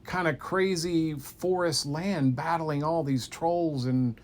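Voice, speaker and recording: A man telling an improvised bedtime story to a child in an animated, playful way, sometimes dropping to hushed tones. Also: a little high, slow.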